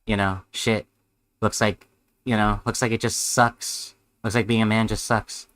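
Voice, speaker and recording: A man's voice: fairly low pitch, little pitch movement, measured pace, fairly bright tone. A man streaming a live reaction, sarcastic and rambling, with heavy swearing.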